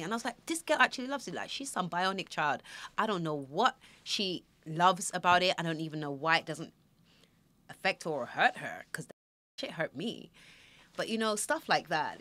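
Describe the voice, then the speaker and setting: A woman hosting a podcast, chatting casually and acting out little quoted scenes. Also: deep voice. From Nigeria. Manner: chatty, animated storytelling with acted-out quotes. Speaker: podcast host. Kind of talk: casual chat.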